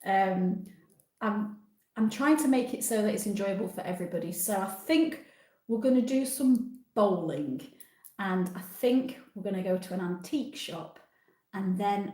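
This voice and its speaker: A chatty woman in her sixties hosts a livestream, reading viewer comments aloud and answering them in casual live chat. Her voice is mid-range and a little mellow, heard in an echoey room, and she's self-deprecating.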